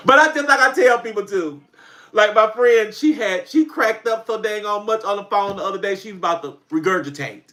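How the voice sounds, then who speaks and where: A man with a high, bright, ringing voice talks on a casual livestream. He tells animated stories, laughs often and swears freely as he chats with his viewers. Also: moderate pace. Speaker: comedy skit creator hosting a livestream.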